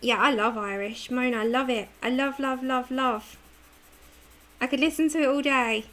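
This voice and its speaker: British woman, colouring livestream host; bright, sharp tone, casual chat with lots of laughs. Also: sits high, normal speed. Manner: chatty, laughs often, answers viewer comments.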